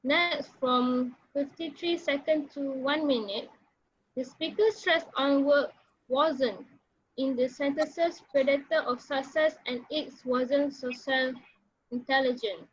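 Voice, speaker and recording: A woman's voice: sits high, steady tone, slow pace. A young woman presents to her class in a formal way, reading from a prepared script. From Malaysia. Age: young adult. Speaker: university student presenter. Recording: dull lo-fi recording.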